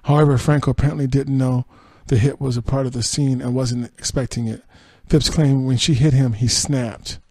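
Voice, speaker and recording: A man's voice: medium pitch, steady tone, normal speed, hardly any pauses, dark tone, no room sound. A man hosting a podcast, reading entertainment news aloud and adding dry, sarcastic asides. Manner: reads quotes then adds dry sarcastic asides and laughs. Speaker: podcast host.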